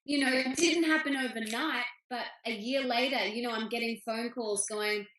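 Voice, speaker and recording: A woman's voice: a little high, fairly even intonation, normal speed, a bit bright. A woman, an author answering interview questions over a video call, talking with enthusiasm and acting out things her family said. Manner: enthusiastic, acts out family quotes. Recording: roomy video call audio.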